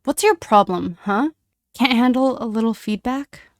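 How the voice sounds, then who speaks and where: A woman voicing a sneering young male bully who taunts in a sharp, loud way. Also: fairly high pitch, lively intonation, unhurried, no room sound, clean studio sound, pitched above the performer's own voice. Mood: taunting.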